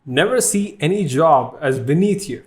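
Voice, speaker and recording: A man in his thirties from India with an Indian English accent, hosting a casual podcast chat, animated and joking, laughing often. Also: on the high side, moderate pace. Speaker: podcast host, art teacher.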